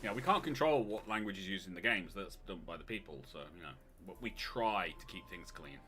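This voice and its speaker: A man's voice: sits low, a little fast, faint music behind. A man co-hosting a gaming live stream, chatting casually and playfully over gameplay. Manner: playful, jokey, breaks into excited yelps.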